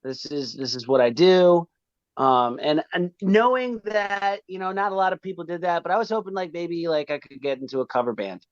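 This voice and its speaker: A man's voice: high-pitched, animated, fairly quick, hardly any pauses, fairly bright tone, dry recording, highs cut off. A man, a band's vocalist, telling the story of how the band began in a rambling, casual interview. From Pennsylvania, raised in New England.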